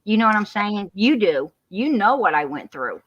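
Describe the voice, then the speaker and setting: A woman's voice: medium pitch, big pitch swings, moderate pace, breathy edge. A woman speaking on a heated live stream, preachy and repetitive, calling people hon and sweetheart. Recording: muffled lo-fi live-stream audio.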